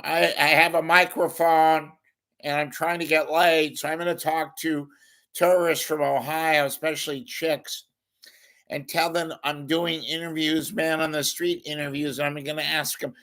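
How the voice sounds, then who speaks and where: A man's voice: on the high side, fairly bright tone. A man impersonating a smarmy male street reporter who is chasing women.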